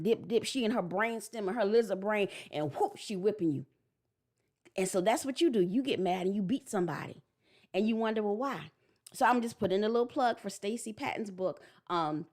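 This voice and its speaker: A woman in her forties giving a blunt, animated parenting talk that slips into acted-out voices. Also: mid-range voice. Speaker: parenting vlogger. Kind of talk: casual preachy monologue.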